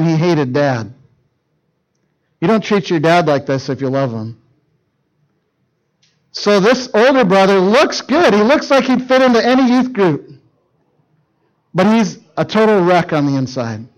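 Middle-aged male youth preacher, high-pitched, animated storyteller. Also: low-quality recording. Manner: animated storytelling, acting out quoted lines. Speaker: youth pastor. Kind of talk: sermon.

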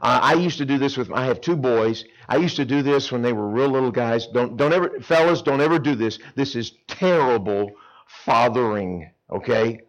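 Middle-aged male youth-camp preacher; animated storyteller, big swings between loud and quiet. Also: mid-range voice, moderate pace, highs cut off. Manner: dramatic storytelling, acts out characters, swings between loud and hushed. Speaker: camp speaker. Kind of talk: animated sermon to teenagers.

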